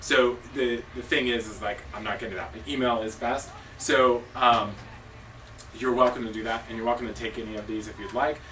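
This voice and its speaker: A man's voice: medium pitch, steady tone, brisk, a bit bright. A man, a cheer coach and judge, giving a casual, joking staff training talk in a gym meeting room. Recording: distant mic with noisy background.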